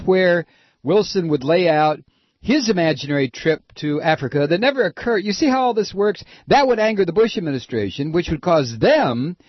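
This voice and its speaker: A man's voice: on the high side, breathy edge, no room sound. A man hosting a political commentary show, ranting with sarcastic exasperation. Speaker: radio commentary host. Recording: dull, dry lo-fi sound.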